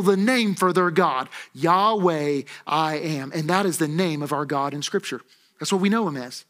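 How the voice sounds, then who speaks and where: High-voiced animated male preacher. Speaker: pastor. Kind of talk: sermon. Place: church auditorium.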